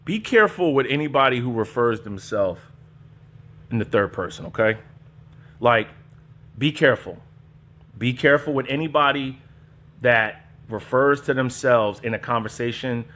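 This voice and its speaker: A man's voice: mid-range voice, animated, normal speed, long pauses, pushed and bright. A man hosting a show, giving casual, incredulous commentary on clips and mocking them, with frequent profanity. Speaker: show host reacting to clips.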